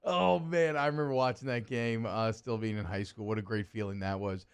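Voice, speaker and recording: A man's voice: fairly low pitch, fairly even intonation, brisk, smooth. A man from Atlanta hosting a sports radio show, chatting and reminiscing in an upbeat way. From Atlanta, USA. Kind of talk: casual sports radio chat.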